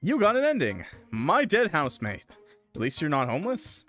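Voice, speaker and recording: A male streamer jokes with his chat while playing, with a lively voice that jumps up and down in pitch. Faint game music runs under his voice. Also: moderate pace. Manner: playful, jokey, reads game text aloud. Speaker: gaming streamer. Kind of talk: casual let's-play commentary.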